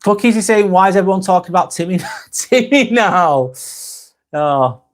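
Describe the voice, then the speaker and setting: A man's voice: high-pitched, lively intonation, moderate pace. A man chats to his live-stream audience in a slightly raised voice. He reads out viewers' comments, curses freely and apologizes often. His talk is loose and unscripted. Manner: swearing, angry rant then apologetic. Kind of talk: casual live-stream chat reading comments.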